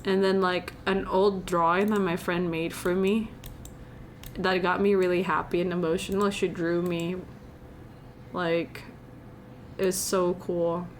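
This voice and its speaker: A woman's voice: lowish voice, little pitch movement, slow pace, long pauses, slight background noise. A young woman from Indonesia, chatting playfully and giggling as she reads and answers her viewers' messages on a live stream.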